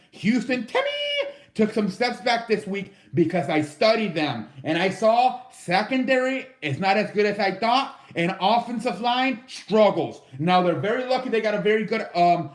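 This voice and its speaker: A man's voice: sits high, lively intonation, moderate pace. Rambling, foul-mouthed man in an echoey room. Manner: loose, profane, rambling with fillers. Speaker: sports show host. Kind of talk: casual sports commentary.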